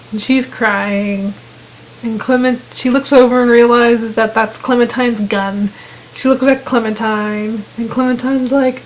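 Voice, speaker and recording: A woman's voice: on the high side, steady tone, unhurried, slight background noise, poor audio. Chatty young-sounding woman retelling gameplay. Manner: chatty retelling with quoted voices. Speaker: gamer narrating gameplay. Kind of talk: casual gameplay commentary.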